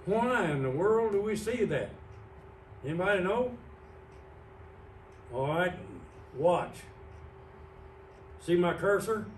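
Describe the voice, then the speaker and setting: Male pastor, slightly high voice, unhurried Bible teaching, picked up from a distance in a church. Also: animated, slight background noise. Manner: explains slowly, pointing out words on a screen. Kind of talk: evening sermon with Bible teaching. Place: church sanctuary. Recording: roomy church sound from a distant mic.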